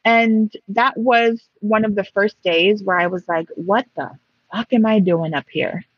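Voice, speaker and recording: A woman's voice: mid-range voice, measured pace, breathy edge, no echo, muffled recording. A Mexican woman telling a story in casual conversation, acting out both sides of a heated exchange. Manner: animated, acts out both sides of a dialogue.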